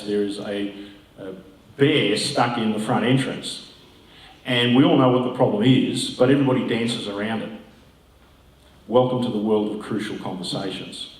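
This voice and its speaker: An older pastor talks to an audience in a low, unhurried voice, full of asides and fillers. The sound is roomy and caught from a distance, as in a hall. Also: male voice. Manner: conversational, musing, with asides and fillers. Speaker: pastor and guest speaker. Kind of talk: informal talk to an audience.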